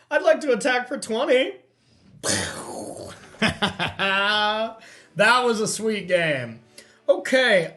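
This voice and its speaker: A man hosting a card game session, thinking aloud as he counts and checks his plays in relaxed, self-amused commentary. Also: high-pitched. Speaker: host playing a card game. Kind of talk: casual gameplay commentary.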